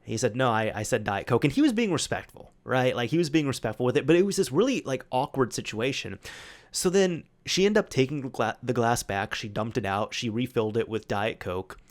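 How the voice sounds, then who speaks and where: A man's voice: medium pitch, animated, fairly quick. A young man hosting a solo talk show, telling a story casually with many restarts and fillers. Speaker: host.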